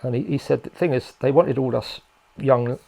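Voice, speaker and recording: A man's voice: medium pitch, moderate pace, creaky, a little mellow. An older man from England, a guest in a casual interview, who rambles and hesitates with many fillers and restarts.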